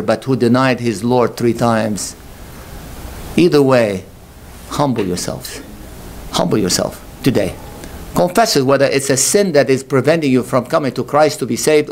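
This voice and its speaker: A male pastor delivering a sermon, questioning his congregation and rising to slow, emphatic peaks. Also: slight background noise. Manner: impassioned, swells to high emphatic peaks, slow drawn-out stresses; calls out rhetorical questions to the congregation.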